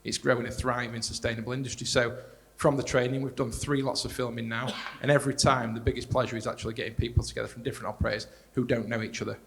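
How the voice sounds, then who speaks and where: A man speaking as a panelist in a live discussion, talking quickly and conversationally and repeating words as he restarts. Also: medium pitch, flat delivery, gravelly, fairly bright tone, a little hiss or hum. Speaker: panelist, director of strategic partnerships. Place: large hall at a live panel event. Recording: reverberant hall.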